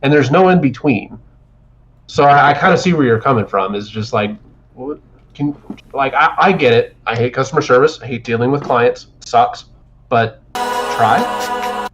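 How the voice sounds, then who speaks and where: A man's voice: medium pitch, animated, moderate pace, pauses often, fairly bright tone, soft background music. A man co-hosting a podcast, telling a long profane story in a rambling way with many restarts. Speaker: podcast co-host. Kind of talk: casual chat. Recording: dull lo-fi stream audio.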